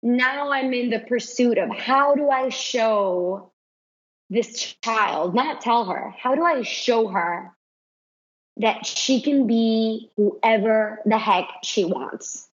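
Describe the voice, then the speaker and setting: Woman in her 30s, chatty animated storyteller, higher voice, kinda dull lo-fi sound. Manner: animated storytelling, quick bursts. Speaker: guest, artist and mother. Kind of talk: casual podcast conversation. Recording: dull lo-fi recording.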